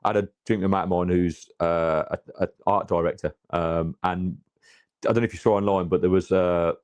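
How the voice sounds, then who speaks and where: A man's voice: sits low, steady tone, fairly quick, a little mellow, dry recording. Rambling male football fan, dry sound. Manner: rambling, many restarts and fillers, matey. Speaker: podcast co-host. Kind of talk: casual football fan chat.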